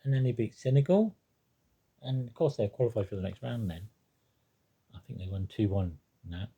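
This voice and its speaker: A man talking casually about a football team, rambling and hesitant, with many pauses, ums and restarts. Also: on the low side, warm tone, slightly rough, muffled recording. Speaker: football fan commentator. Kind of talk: casual spoken monologue.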